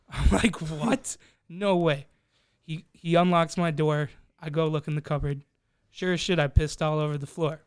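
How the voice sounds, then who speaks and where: A man's voice: on the high side, unhurried, smooth, no room sound, studio quality. Profane young man telling a wild story. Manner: profane, animated, acts out quoted voices. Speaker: podcast co-host. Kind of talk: casual storytelling among friends.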